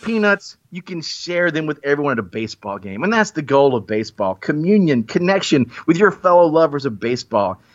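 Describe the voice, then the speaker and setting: A man's voice: on the high side, big pitch swings, fairly quick, hardly any pauses. A man giving a playful, theatrical mock-persuasive monologue in a self-mocking way. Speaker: guest making a comic pitch. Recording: muffled lo-fi recording.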